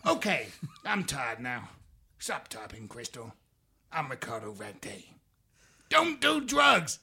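Brief: high, bright, swaggering footballer, profane braggart. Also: male voice, sing-song, unhurried, vocal fry, heavily acted. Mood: tired. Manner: swaggering, profane, shouty, mock-foreign. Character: brash boastful male footballer, swaggering. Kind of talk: comic reading of an email in character.

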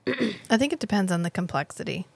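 A woman with a fairly low speaking voice, co-hosting a casual podcast chat in a thoughtful, measured way. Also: expressive, gravelly, husky. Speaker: podcast co-host. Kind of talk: casual chat among friends.

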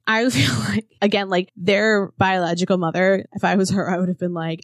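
A woman's voice: mid-range voice, steady tone, a little fast, hardly any pauses, no echo. Chatty woman with a dry close sound. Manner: conversational, frequent "like" fillers. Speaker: podcast co-host. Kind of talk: casual true-crime chat.

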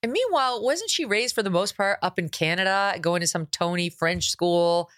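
A woman's voice: mid-range voice, animated, moderate pace, fairly bright tone, dry recording, studio quality. A woman hosting an interview podcast, talking bluntly and emphatically with an incredulous edge. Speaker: podcast host.

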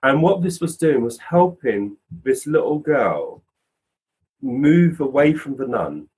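A man's voice: medium pitch, breathy edge, poor audio. A man, a physical medium, telling anecdotes casually as a podcast guest and acting out the voices in his stories. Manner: animated storyteller, acts out quoted voices.

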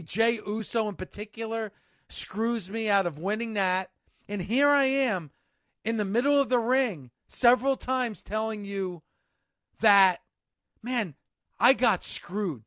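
A man's voice: high-pitched, dry recording, clean studio sound. A man doing a wrestling promo as an aggrieved male wrestler who feels betrayed by the crowd, growing indignant. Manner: indignant, building to shouted complaints.

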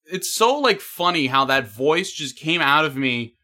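Bright-voiced laid-back male host. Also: fairly high pitch, expressive, a little slow. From New York. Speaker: podcast host. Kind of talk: casual chat.

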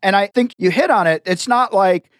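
High-voiced affirming interview host. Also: male voice, normal speed, no echo, studio quality. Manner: affirming, reflective, restating the guest's points. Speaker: podcast host. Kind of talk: conversational interview.

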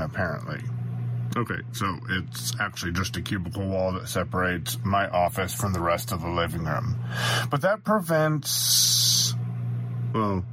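A man's voice: low voice, noisy background. A man leaving a chatty, rambling, self-deprecating voice message for a podcast. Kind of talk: recorded voice message.

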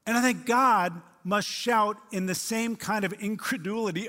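A man with a fairly high voice preaches a sermon, animated and expressive. He acts out the people he quotes, rising loud one moment and dropping to a hush the next. His voice rings with the long reverb of a large hall. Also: moderate pace, hardly any pauses. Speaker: pastor.

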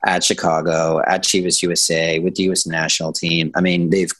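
A man from the United States, a soccer coach and guest, talking analytically in a measured way. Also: low voice, flat delivery, a bit bright, rough recording. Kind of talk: casual sports chat.

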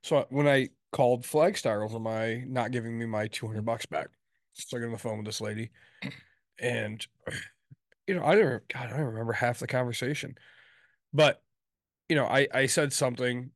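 A man's voice: medium pitch, normal speed, long pauses, no room sound, studio quality. A congested man co-hosting a podcast, rambling casually, laughing and tagging lines with "right?". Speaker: podcast co-host. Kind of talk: casual chat.

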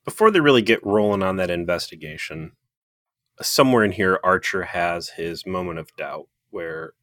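Low forceful podcast guy breaking down an episode, lots of ums. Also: animated, normal speed, dry recording, studio quality. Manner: earnest, analytical, with frequent um and uh. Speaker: podcast co-host. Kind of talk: casual review chat.

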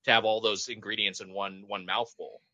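A man hosting a casual live call-in podcast, rambling and wry, with many halting restarts. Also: on the low side, level tone, sharp tone, no echo. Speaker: podcast host.

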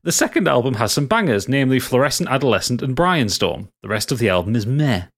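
A medium-pitched man with a Geordie accent from North East England co-hosts a casual podcast, talking fast with big pitch swings. He reads listener messages aloud and jokes along the way.

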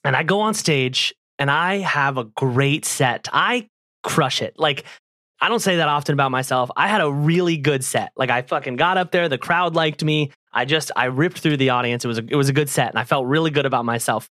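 Animated, foul-mouthed male comedian, dry sound. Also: a little high, a little fast, no echo. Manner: animated, profane storytelling with frequent laughter. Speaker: stand-up comedian and podcast cast member. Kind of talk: casual chat among friends.

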